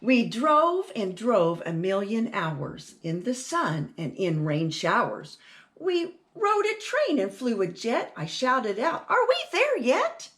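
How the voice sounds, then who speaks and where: Reading a rhyming picture book aloud with plenty of animation, a woman hosts a children's storytime and asks the kids questions. Her voice sits in the mid range and she speaks slowly.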